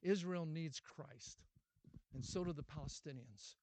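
A man preaching a sermon as pastor, asking many rhetorical questions and repeating his words, moving from loud urgent appeals to a quiet closing prayer. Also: fairly high pitch, measured pace, a little hiss or hum.

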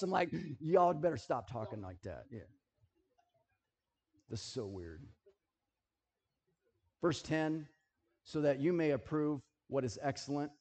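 Animated joking preacher, man. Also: mid-range voice. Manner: animated, jokey, checks in with listeners. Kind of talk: sermon with object lessons.

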